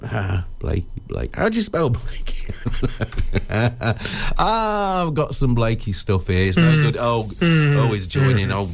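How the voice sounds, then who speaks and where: A man's voice: medium pitch, very animated, slow, soft background music. A man presenting a radio show in casual chat, rambling and joking with studio colleagues. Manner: rambling, jokey, self-interrupting.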